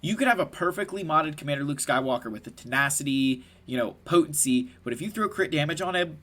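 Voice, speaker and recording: A man's voice: on the high side, fast talker. A man explaining a strategy game in a casual, passionate commentary, emphatic and often adding "right?" as he goes. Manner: animated, laughs at himself. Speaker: gaming content creator.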